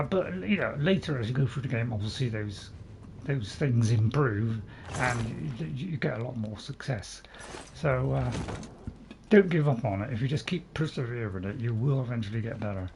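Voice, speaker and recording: A man's voice: medium pitch, lively intonation, normal speed, creaky, background noise. A man hosting a casual let's-play, rambling and chatting to his viewers as he plays. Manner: rambling, self-admitted waffler; chatty, talks to viewers in chat. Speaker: gaming channel host.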